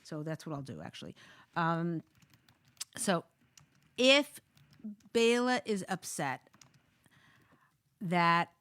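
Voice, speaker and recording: A woman's voice: lowish voice, slow pace, pauses often, smooth, dry recording. Woman talk show host, advice chat, jokey, restarts often, dry close sound. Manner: lively, jokey, thinks aloud with many restarts.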